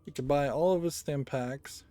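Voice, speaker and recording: A man's voice: a little high, normal speed, warm tone, soft background music. A man casually commenting on a game he is playing, thinking aloud with musing hums. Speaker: let's play gamer.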